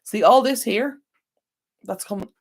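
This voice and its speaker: A woman's voice: on the high side, measured pace, creaky, slightly rough. An Irish woman hosting a casual live stream from home, chatting to viewers by name with lots of ums. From Ireland. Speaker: livestream host. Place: indoor home room near a window.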